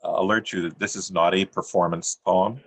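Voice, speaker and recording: A middle-aged man reading his own poems on a video call, with a dry, deadpan delivery and self-mocking jokes. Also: low voice, brisk, vocal fry, dry recording. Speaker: featured poet. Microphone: computer mic on a video call.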